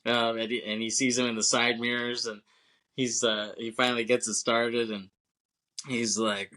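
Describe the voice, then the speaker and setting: A man with a bright, forward voice chats casually on a movie podcast. He laughs often, swears freely and acts out bits of the film as he retells it. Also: mid-range voice, level tone, moderate pace. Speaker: podcast co-host.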